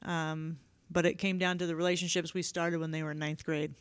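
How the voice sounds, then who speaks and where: A woman coach fields questions at a podium, talking in a loose, candid way full of fillers. Her voice is smooth and resonant and keeps a fairly flat pitch. The sound is dry and close. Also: a little fast, no echo. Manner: relaxed, candid, many fillers. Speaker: head coach. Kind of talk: press conference answers. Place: media day podium.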